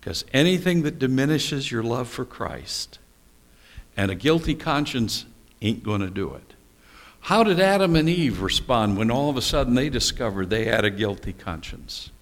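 A man's voice: medium pitch, expressive, moderate pace. A male pastor preaching a sermon, telling stories and asking rhetorical questions with small humorous asides.

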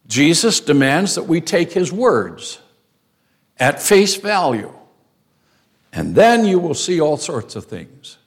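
A man's voice: on the high side, big pitch swings, takes it slowly. A man preaching an expository sermon, emphatic, repeating phrases for stress.

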